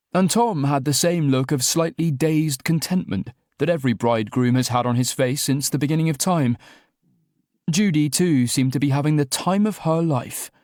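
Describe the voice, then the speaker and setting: A man's voice: mid-range voice, darkish tone, no room sound, studio quality. A man reading a romantic comedy audiobook in the first person, with wry, self-deprecating comic timing. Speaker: audiobook narrator. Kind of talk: first-person scripted narration.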